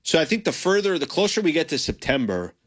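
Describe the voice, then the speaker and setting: Chatty American sports radio co-host. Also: male voice, a little high, very animated, fast, a bit bright. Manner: conversational, hedging with restarts. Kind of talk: casual sports talk.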